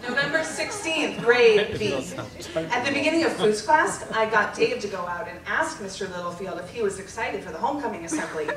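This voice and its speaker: A young adult woman reads her teenage diary aloud on stage in front of a live audience, animated and emphatic and often breaking into laughter. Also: mid-range voice, brisk. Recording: roomy live venue, distant mic, loud audience laughter. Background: loud crowd laughter and noise.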